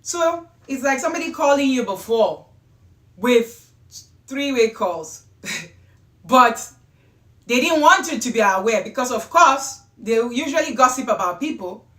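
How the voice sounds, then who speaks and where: A woman hosting a show, telling a true-life story in a chatty, rambling way with excited bursts. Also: fairly high pitch, a little slow, long pauses. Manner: chatty, wandering asides, gets louder and excited at times. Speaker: host. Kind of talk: casual storytelling. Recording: roomy echo.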